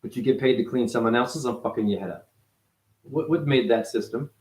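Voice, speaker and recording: A man giving a rambling, profane spiritual monologue as a self-styled teacher, his voice jumping up and down in pitch. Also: fairly quick, darkish tone. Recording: echoey room.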